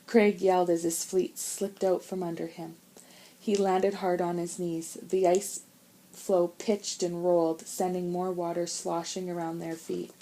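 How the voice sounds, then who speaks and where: A woman reads a children's storybook aloud in a calm, measured voice. Her tone is mellow and warm, and her pitch sits on the low side. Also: rough recording. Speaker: audiobook narrator. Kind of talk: storybook narration.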